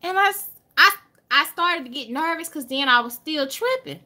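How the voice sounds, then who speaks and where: At a moderate pace and in a high voice, a Southern vlogger from Alabama spins an animated story for her viewers. Swearing comes easily to her, and she draws out words to hit them harder.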